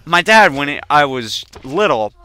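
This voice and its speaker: A young man hosting a game video, rambling through a childhood story with casual swearing and sudden loud outbursts. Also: fairly high pitch, big pitch swings, unhurried, smooth, no echo. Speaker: gaming channel host. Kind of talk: casual let's play commentary.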